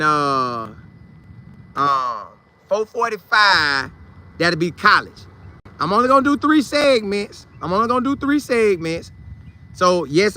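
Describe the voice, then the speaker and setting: A man from hosts a sports livestream, calling out commenters by name in easygoing slang. His voice sits high for a man and cuts through with a very bright, sharp edge. A faint hiss of noise runs underneath. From Polk County, Florida. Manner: loose, slangy, talks back to chat by name. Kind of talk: casual live chat, reading viewer comments.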